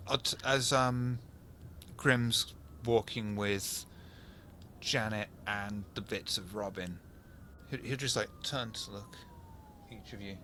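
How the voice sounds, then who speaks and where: A man running a tabletop role-playing game as game master, animated and self-mocking, swearing casually. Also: lowish voice, slow, long pauses, a little hiss or hum.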